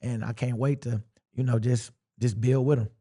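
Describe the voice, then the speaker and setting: A man with a mellow, dark voice gives an unhurried sit-down interview about his playing career. He talks in a relaxed, drawling way and slips into quoting his own thoughts mid-story. His tone stays reflective throughout. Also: medium pitch. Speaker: interview guest, pro football player.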